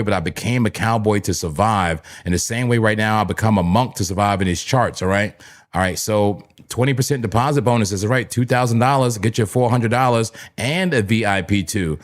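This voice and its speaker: Man from New Jersey, lowish voice, hyped and chatty livestream host who repeats his calls to viewers. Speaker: livestream crypto trading host. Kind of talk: casual live-stream commentary.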